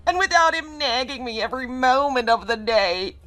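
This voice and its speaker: A woman's voice: high-pitched, animated, moderate pace, a bit bright. A woman voicing a bitter, grieving older widow who is drunk, speaking in a weary, resentful way.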